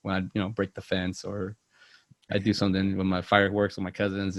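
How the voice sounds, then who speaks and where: A man's voice: fairly low pitch, unhurried, long pauses, darkish tone, no echo. A man co-hosting a movie podcast, chatting casually and rambling with many fillers and restarts. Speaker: podcast co-host.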